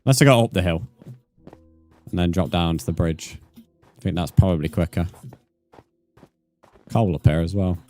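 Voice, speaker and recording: Deep-voiced man streaming a game. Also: normal speed, long pauses, a little mellow, soft background music. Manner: chatty, swears freely, teases viewers. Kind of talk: casual gameplay commentary with viewer chat.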